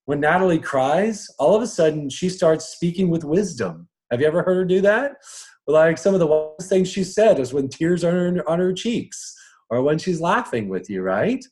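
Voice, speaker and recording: A very animated man coaches a live audience on personal strengths in an informal talk. His voice sits on the high side with a darkish tone, and he chuckles a lot and slips into quick voices.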